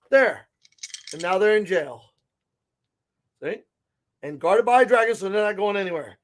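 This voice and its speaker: A man hosting a casual gaming-store segment, chatty and excitable as he shows off products, with frequent asides, recorded inside a comic and game shop. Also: high voice, normal speed, long pauses. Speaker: host of a tabletop gaming segment.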